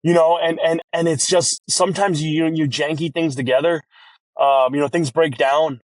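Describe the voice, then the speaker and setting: A man who owns a restaurant, talking as a podcast guest in an energetic, rambling way and acting out his own quoted lines. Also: fairly high pitch, normal speed, dry recording. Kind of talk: casual podcast interview.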